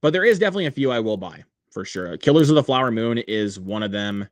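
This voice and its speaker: A man's voice: medium pitch, expressive, fast, dry recording. A man hosting a casual livestream, rambling with many fillers and reading viewer comments aloud. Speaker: livestream host.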